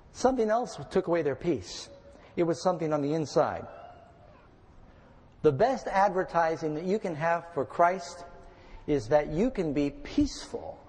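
A pastor preaching a sermon, reading scripture aloud and explaining it in a measured, expressive way. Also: male voice, fairly high pitch. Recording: long reverb, broadcast sermon.

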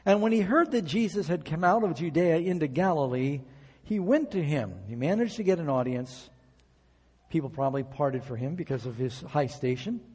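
A man's voice: on the high side, lively intonation, moderate pace, a little mellow, slightly rough, in a large hall. A man preaching a sermon, reading scripture aloud and acting out quoted prayers as he tells stories.

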